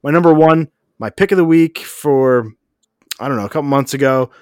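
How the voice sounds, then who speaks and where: Profane, excitable podcast guy. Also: mid-range voice, normal speed, no room sound, studio quality. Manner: profane, enthusiastic, rambling. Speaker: podcast co-host. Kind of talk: casual podcast chat.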